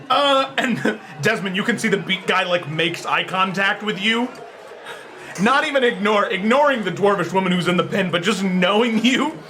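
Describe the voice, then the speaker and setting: Male game master, tabletop narration, animated and laughing, slow delivery, faint music behind. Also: sits high. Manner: animated, laughing often, shouting character voices.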